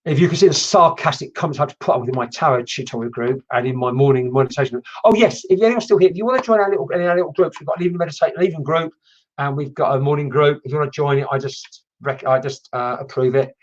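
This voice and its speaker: Guy medium chatting loosely on a livestream, mid-pitched voice, kinda muffled computer mic sound. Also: steady tone, fast. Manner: rambling, chatty, reacts to comments. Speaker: spiritual medium. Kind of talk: casual livestream chat. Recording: dull lo-fi stream audio.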